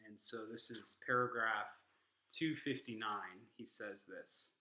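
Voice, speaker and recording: A man's voice: lowish voice, slow pace, bright, forceful tone, reverberant, rough recording. A man teaching an informal lesson on worldviews, earnest and stressing the quotes he reads aloud. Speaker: Christian apologetics teacher.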